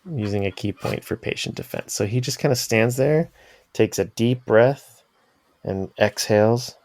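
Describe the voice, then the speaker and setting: A man's voice: on the low side, normal speed, darkish tone, no room sound. A man narrating his character's moves in a tabletop game, hesitant and laughing often. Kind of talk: casual tabletop role-play.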